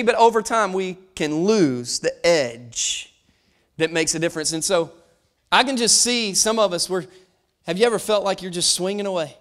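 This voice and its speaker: A man preaching a sermon as pastor, lively and animated, shouting at peaks and dropping to a hush, often restarting phrases and acting out voices. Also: high voice, normal speed.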